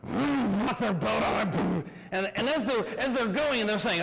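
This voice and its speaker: A keynote speaker, a man, telling a comic story on stage in an animated, sometimes shouting way. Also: high-pitched, unhurried, vocal fry, few pauses. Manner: animated, shouty, acts out voices. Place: large hall. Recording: echoey lecture hall.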